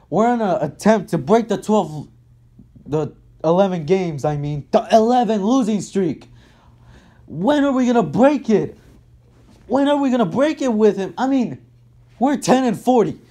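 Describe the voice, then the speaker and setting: An angry man delivers a sports rant, his voice dark and mellow even as he swears at every turn. He circles back to the same complaints again and again, heated and blunt. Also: high voice. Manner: heated, swearing, repeats himself. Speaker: vlogger ranting about his basketball team.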